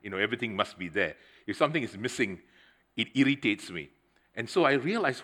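A middle-aged man preaching a sermon, telling a personal story in a conversational, animated way and speaking straight to the congregation. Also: mid-range voice, a little fast. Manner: conversational, addresses the congregation directly; animated storytelling with swings in loudness.

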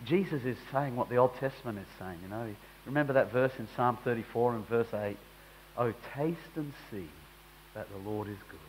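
A man's voice: medium pitch, a little hiss or hum, rough recording. A man preaching a sermon in a conversational way that rises into emphatic bursts.

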